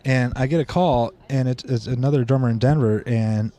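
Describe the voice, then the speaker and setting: A man's voice: mid-range voice, fairly quick. A middle-aged American man, a drummer guest, telling stories in a casual chat and laughing often. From United States. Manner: animated storyteller, laughs often.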